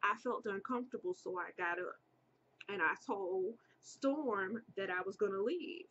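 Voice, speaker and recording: A young woman tells a story at an unhurried, drawn-out pace, her voice in the middle of the usual range. She talks casually and turns animated, jumping high when she acts out what people said. The recording sounds dull and lo-fi, with a faint hiss underneath. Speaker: vlogger.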